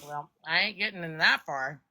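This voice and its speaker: Blunt woman with a bright, low voice. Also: moderate pace. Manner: blunt and offhand, swears casually. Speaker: guest on a live stream. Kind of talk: casual live stream chat.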